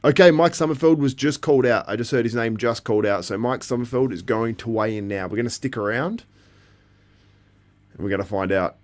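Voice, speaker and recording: In a brisk, mid-range voice with a slightly mellow quality, a man hosts a laid-back live stream. He chats away, reacts to what's happening on the feed and in chat, and laughs often.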